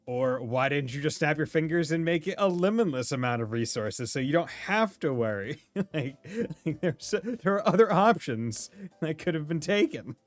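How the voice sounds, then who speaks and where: A man's voice: on the high side, animated, moderate pace, no room sound. A young man hosting a game playthrough, joking around, laughing a lot and using casual slang. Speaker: let's play host. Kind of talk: gameplay commentary. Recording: dry close mic with faint game music.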